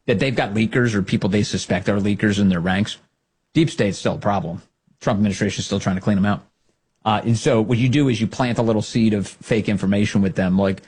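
A man's voice: on the low side, expressive, quick pace, darkish tone, breathy edge. A man hosting political commentary, sarcastic and mocking, slipping into quoted put-on voices.

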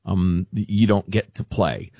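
A man hosting a radio talk show, sardonic and animated, fond of deadpan mockery. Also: low voice, slow, no room sound, studio quality.

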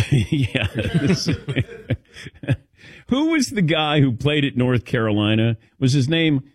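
Lively middle-aged man hosting sports radio. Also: mid-range voice, takes it slowly, no room sound, studio quality. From American Midwest. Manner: lively storytelling with laughs. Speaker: radio show host. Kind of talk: casual sports radio banter.

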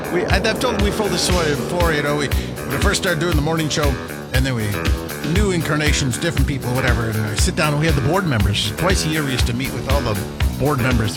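A man hosting a morning radio show in a studio, chatting in a rambling, jokey way and telling stories. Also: on the high side. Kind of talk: casual radio banter.

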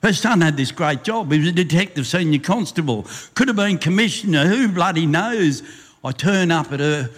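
An older man with an Australian accent performs a rhyming bush poem, riding its beat and slipping in chuckles. His voice sits a little high. The live stage sound carries a long hall reverb. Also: moderate pace. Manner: lively rhythmic recitation with chuckles. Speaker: bush poet and compere. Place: live venue with audience.

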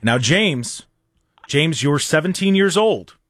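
A man's voice: a little high, animated, takes it slowly, fairly bright tone, dry recording, clean studio sound. A young man hosting a talk radio show, bantering and joking with heavy sarcasm. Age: young adult. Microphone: studio microphone.

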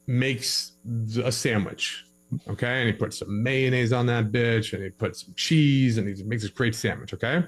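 A man's voice: medium pitch, poor audio. A young man giving relationship advice in a casual podcast conversation, acting out both sides of a couple's arguments in his stories.

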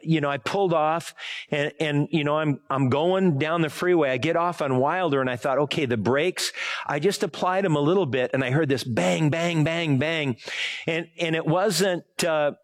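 A man's voice: on the high side, normal speed. A man preaching a casual sermon, telling a rambling personal story full of fillers and self-corrections. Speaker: pastor.

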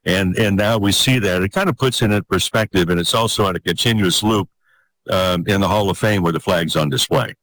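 An older man telling a personal story in an interview, earnest and halting, repeating words as he gathers his thoughts. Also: deep voice, a bit bright, no echo, rough recording.

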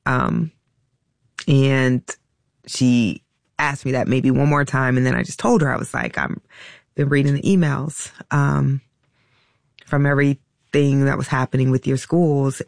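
A woman, a mother being interviewed, telling a personal story in a halting, reflective way with many pauses and restarts. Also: rumbling low, creaky, darkish tone, no room sound, clean studio sound.

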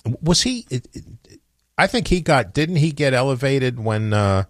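A man's voice: medium pitch, lively intonation, normal speed, dry recording, clean studio sound. A man hosting a morning radio show, chatting offhand and rambling with lots of fillers and restarts. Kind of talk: casual morning radio chat.

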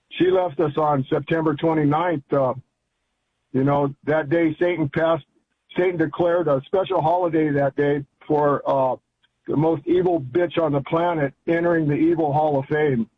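A man's voice: fairly high pitch, steady tone, unhurried, slightly rough. Older male caller on a tinny phone line. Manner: rambling, folksy and enthusiastic. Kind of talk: casual call-in chat.

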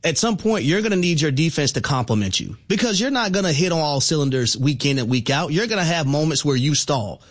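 A man's voice: a little high, expressive, fairly quick, hardly any pauses. A man co-hosting a sports talk radio show, arguing his points emphatically with stats. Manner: emphatic, stat-heavy argument.

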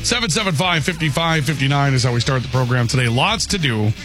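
A man hosting a talk radio show, chatting in a relaxed, wry way. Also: medium pitch, quick pace, music in the background. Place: radio studio.

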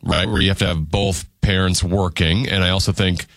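A male radio co-host talks through his ideas in a measured, halting way. His voice sits very low, and the sound is close and dry. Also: steady tone, a bit bright, dry recording. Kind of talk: casual on-air banter.

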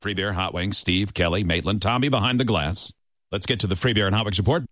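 A man's voice: on the low side, fast talker, a bit bright, no room sound. A man hosting a radio show, chatting conversationally through a news segment. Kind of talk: morning radio show chat.

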